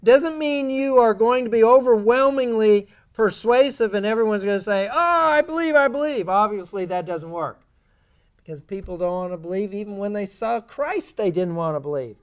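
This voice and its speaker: A man giving a creation science lecture in a church, animated and sarcastic in his asides. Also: high-pitched, moderate pace, clean tone. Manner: animated, sarcastic asides, mocking quoted voices. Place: church sanctuary.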